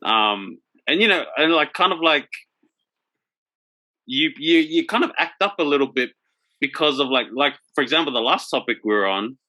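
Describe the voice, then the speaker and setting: A man co-hosting a casual podcast, speaking in a reflective, halting way and laughing often. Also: on the high side, animated, bright, forceful tone, dry recording, low-quality recording. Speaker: podcast co-host. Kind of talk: casual chat.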